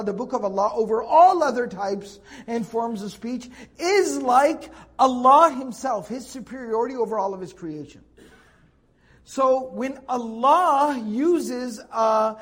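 A man's voice: high voice, slightly rough. A man teaching a Quran tafsir lecture in a patient, explanatory way, stressing key words and often restarting his sentences.

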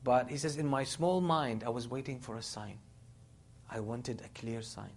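Man preaching with animated retelling. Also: mid-range voice, moderate pace. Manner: animated retelling, quoting others in a dramatic voice. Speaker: Islamic preacher. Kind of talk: sermon storytelling.

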